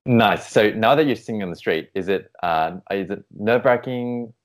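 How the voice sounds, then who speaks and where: Male vocal coach, low register, upbeat and encouraging, teaching over a video call. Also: moderate pace. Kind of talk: online singing lesson.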